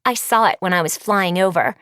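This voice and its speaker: Woman voicing a chirpy sweet vampire teen, high and gushing, audiobook reading, dry sound. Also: fairly quick, a bit bright, smooth, no echo, close to an everyday voice. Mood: bubbly. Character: bubbly, sweet teenage vampire girl.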